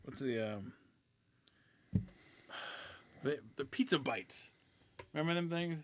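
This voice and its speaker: A man's voice: a little high, lively intonation, normal speed, a little hiss or hum. A man co-hosting a podcast, chatting casually, joking, swearing and groping for words. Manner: gravelly, swears, jokey, gropes for words. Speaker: podcast co-host. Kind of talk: casual chat.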